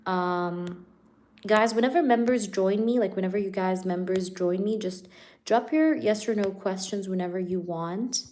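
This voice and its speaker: A woman with a slightly mellow, mid-range voice hosts a live tarot stream at a normal speed, chatting casually with her viewers. She's playful, laughs a lot, and sprinkles her speech with "like" and "you know."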